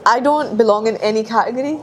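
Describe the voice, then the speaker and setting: A woman's voice: on the high side, fast. A woman from Pakistan, a podcast guest chatting casually, frank and opinionated, often restarting her phrases. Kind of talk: casual chat.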